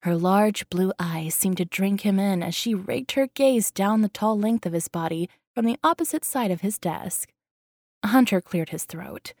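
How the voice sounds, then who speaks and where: A woman reading a romance novel aloud in a steady, even narration. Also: mid-range voice, unhurried, no room sound, clean studio sound. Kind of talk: audiobook narration.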